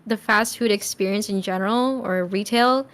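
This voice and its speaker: A young woman chatting as a podcast guest, telling a story in an animated way and acting out the lines of the people in it. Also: mid-range voice, moderate pace. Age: young adult. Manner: animated storyteller, acts out quoted dialogue. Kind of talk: casual chat.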